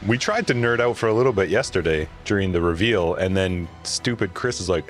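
A man's voice: low-pitched, expressive, a little fast, faint music behind. A man hosting a casual podcast, rambling and laughing easily into a close mic. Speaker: podcast host.

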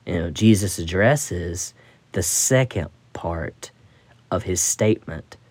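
A man's voice: low-pitched, takes it slowly, a little mellow, breathy edge, dry recording. A man hosting a Bible study podcast, teaching scripture in a thoughtful, musing way with frequent restarts.

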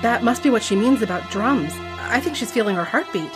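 A woman's voice: fairly high pitch, expressive, fairly quick, over music, natural voice. A woman reading aloud as a worried teenage boy who gives urgent orders.

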